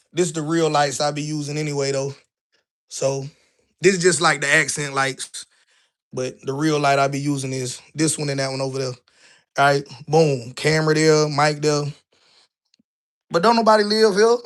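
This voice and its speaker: A man's voice: on the high side, moderate pace, long pauses. Chatty man giving a live-stream house tour. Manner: loose, chatty, keeps asking "right?". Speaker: online business coach. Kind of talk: casual walk-through live stream. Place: indoors in a house, walking room to room.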